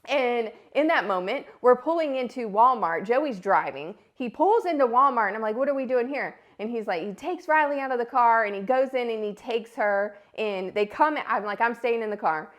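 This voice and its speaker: A woman's voice: a little high, normal speed, few pauses. A woman in her thirties, a podcast host telling a story in a casual monologue and acting out the voices she quotes. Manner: animated, acts out quoted voices.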